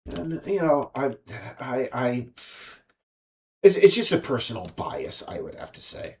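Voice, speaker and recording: A man's voice: mid-range voice, big pitch swings, slight background noise. A man, an indie game developer, talking alone in a rambling monologue, stopping and restarting often. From United States. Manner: halting, many restarts and fillers.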